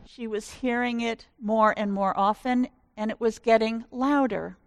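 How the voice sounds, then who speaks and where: A woman pastor giving a sermon in slow, measured storytelling. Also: on the high side, fairly even intonation, no echo.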